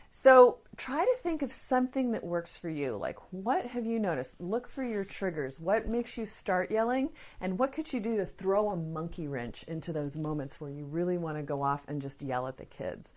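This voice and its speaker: A woman with a notably low, deep voice for a woman talks on her parenting podcast. She speaks to her listeners in a casual, earnest way, as if chatting with them. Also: expressive, normal speed, few pauses, a little mellow. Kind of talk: casual advice talk. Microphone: podcast microphone.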